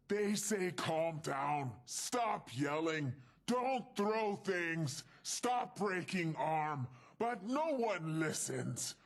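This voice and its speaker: An actor playing a hulking, short-tempered male super mutant in a video game, with a gravelly, raspy voice and broken English, talking about himself in the third person. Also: sits high, exaggerated voice. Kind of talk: video game character dialogue.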